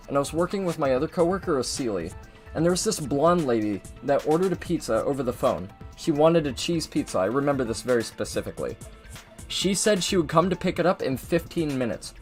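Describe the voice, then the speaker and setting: A man's voice: a little high, brisk, soft background music. A young man casually telling a rambling story over gameplay, acting out the people in it as he goes. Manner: rambling, animated, mimics people in his story. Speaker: gaming video host.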